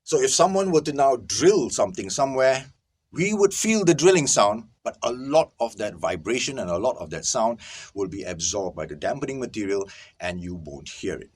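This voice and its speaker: A man's voice: medium pitch, big pitch swings, moderate pace, breathy edge. A man hosting a casual video lesson from a small soundproofed recording booth, recorded on a camera-mounted microphone. He explains emphatically and keeps checking in with his viewers. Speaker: host teaching audio recording. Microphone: camera-mounted microphone, no lapel mic.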